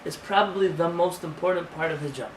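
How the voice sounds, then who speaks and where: A rabbi with a higher voice teaches an informal class at a fairly quick clip, conversational and emphatic, with frequent rhetorical questions. The recording comes from a distant mic, roomy and faintly noisy.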